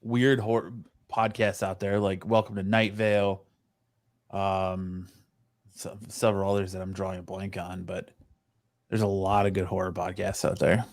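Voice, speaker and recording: A man's voice: low-pitched, flat delivery, normal speed. A man co-hosting a podcast, chatting in an easygoing, teasing way. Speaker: podcast co-host. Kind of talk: casual podcast chat.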